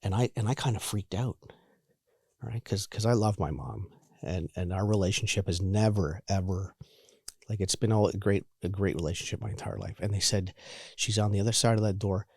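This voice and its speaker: Male, 40s, lowish voice, halting candid storyteller, dry sound. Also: gravelly, a little mellow, breathy edge, no room sound. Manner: halting, repeats words and restarts. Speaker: guest sharing recovery story.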